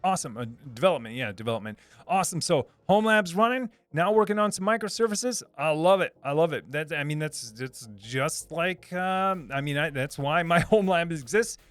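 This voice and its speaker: A man's voice: on the high side, no echo. A man hosting a live stream, reading chat messages aloud in a casual, upbeat way, repeating himself with lots of fillers and restarts. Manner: upbeat, repeats words, many fillers and restarts, laughs often. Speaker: livestream host reading chat.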